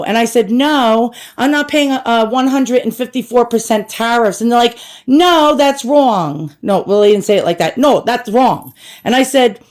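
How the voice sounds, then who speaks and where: Lady ranting to the camera, cusses a lot, kinda high voice. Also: a little mellow. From United States. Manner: blunt and profane, addresses viewers as "boys and girls". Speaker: shopping vlogger. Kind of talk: casual ranting chat to camera.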